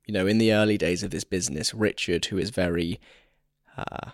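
A hoarse man talks on his own podcast, candid and a little rambling as he thinks aloud. His voice sits fairly low and sounds strained. The sound is dry and close, with no room around it. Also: fairly even intonation, fairly quick, no echo. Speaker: podcast host. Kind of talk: solo podcast talk.

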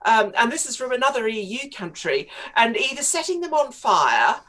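A woman's voice: fairly high pitch, big pitch swings, moderate pace, fairly bright tone. A woman in her fifties, a guest writer on a radio talk show, chatting in a digressive way and laughing often.

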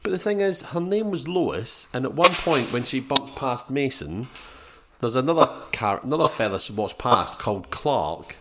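A man's voice: medium pitch, expressive, normal speed, heavy background noise. A man co-hosting a casual film review podcast, rambling and retelling scenes in quoted voices. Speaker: podcast co-host.

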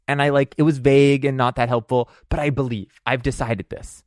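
A man's voice: mid-range voice, steady tone, fairly quick, darkish tone, no room sound, clean studio sound. A man playing a tabletop role-play game, insistent and repetitive, stammering through restarts. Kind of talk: casual role-play chat.

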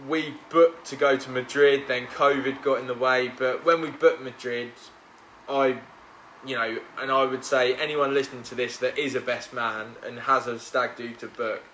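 A man's voice: mid-range voice, fairly even intonation, moderate pace, sharp tone, reverberant, a little hiss or hum. A man hosting a podcast, chatting casually with his mates and telling self-deprecating stories. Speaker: podcast host.

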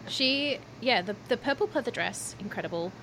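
A woman's voice: a little high, animated, moderate pace, fairly bright tone, slight background noise. A woman co-hosting a podcast, giggly and teasing in casual chat. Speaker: podcast co-host. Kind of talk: casual chat recapping a reality show.

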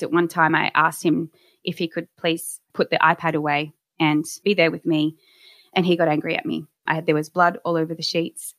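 Low-voiced woman telling her story. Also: a bit bright, dry recording. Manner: candid, reflective, with frequent restarts. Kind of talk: personal storytelling.

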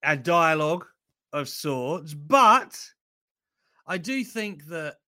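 A man co-hosting a news chat show, with a high-ish, bright voice that rises and falls a lot. He jokes loudly, then drops to a mutter. The close mic sounds dry, with no room in it. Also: very animated, slow pace, no room sound. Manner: loud, jokey, laughing, swings between shouting and muttering. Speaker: co-host of a wrestling news show. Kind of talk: energetic casual banter.

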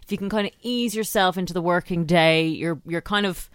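A woman's voice: lowish voice, fairly quick, clean tone, no room sound, studio quality. A woman with an Irish accent co-hosting a radio show, chatting in an easygoing, agreeable way. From Ireland. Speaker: radio co-host. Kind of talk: casual radio chat. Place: radio studio. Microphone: studio mic.

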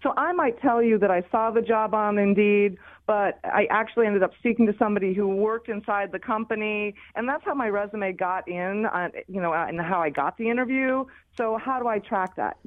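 A woman's voice: medium pitch, fairly quick, few pauses, dry recording. A woman appearing as a career expert guest on a radio show, speaking thoughtfully and often restarting her sentences. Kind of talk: radio call-in chat. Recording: tinny phone line.

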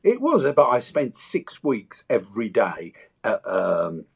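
An older man tells stories in a relaxed interview, leaping into the voices of the people he quotes. His voice sits low and has a husky edge. He talks in a lively, playful way. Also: slow pace. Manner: animated storyteller, acts out voices and quotes. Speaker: actor and entertainer, guest. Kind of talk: casual interview chat.

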